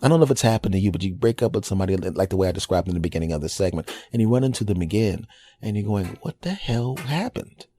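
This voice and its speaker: A man in his forties hosts a podcast, storytelling conversationally in a deep, mellow voice at a very fast clip. He acts out small quoted reactions throughout the monologue.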